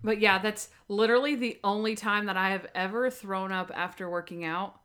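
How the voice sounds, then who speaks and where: A young woman in casual podcast chat, animatedly retelling TV scenes and acting out quotes. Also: normal speed. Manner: animated, acts out quotes with big pitch jumps. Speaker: podcast co-host. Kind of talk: casual chat recapping a TV show.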